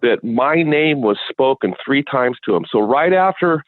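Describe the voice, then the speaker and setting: A man from Washington State tells his stories as an interview guest, rambling and halting, often restarting his sentences. He comes through a thin, tinny phone line with a dry sound and no room around him. His pitch sits in a middle range. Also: lively intonation, no echo. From Washington State, USA. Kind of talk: casual storytelling interview.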